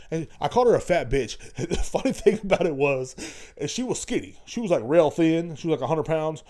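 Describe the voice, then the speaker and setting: A man's voice: a little high, animated, quick pace, darkish tone. Profane rambling man. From Texas. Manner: rambling, profane, crude jokes. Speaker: podcast host. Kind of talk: casual comedic podcast monologue.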